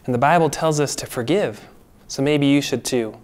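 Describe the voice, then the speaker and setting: A man, a children's pastor, speaking gently and patiently in a church puppet skit for kids. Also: mid-range voice, moderate pace.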